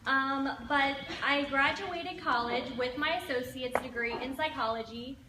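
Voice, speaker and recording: A woman's voice: sits high, unhurried, far from the mic. Earnest young woman in an echoey room. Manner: earnest, steady storytelling. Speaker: direct sales team member. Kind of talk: personal success story. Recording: echoey room with background noise.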